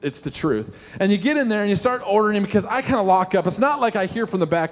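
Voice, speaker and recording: A middle-aged man, a pastor preaching a sermon and telling animated stories with questions to the congregation. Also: high-pitched, quick pace. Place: church sanctuary. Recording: long hall reverb.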